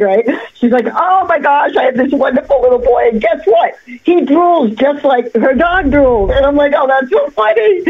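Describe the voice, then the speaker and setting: A woman who works as a psychic, telling a story on a cable access talk show in an animated, chatty way with lots of fillers and restarts. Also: mid-range voice, narrow, tinny audio. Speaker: psychic guest. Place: local access TV studio.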